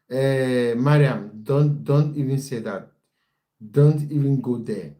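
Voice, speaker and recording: A young man hosts a relaxed football livestream, talking to his viewers in a warm, mellow voice. He chats loosely, breaks off often and restarts his sentences, and reads out their comments as they arrive. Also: medium pitch, takes it slowly. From based in the United Kingdom. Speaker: football coach and livestream host. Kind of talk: casual livestream chat with viewers.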